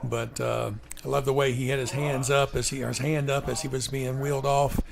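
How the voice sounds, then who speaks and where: A man calling a high school football game play by play in a folksy, emotional way, breaking into excitement on big plays. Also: brisk, vocal fry. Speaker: play-by-play commentator. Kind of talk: live local sports commentary. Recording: crowd noise behind.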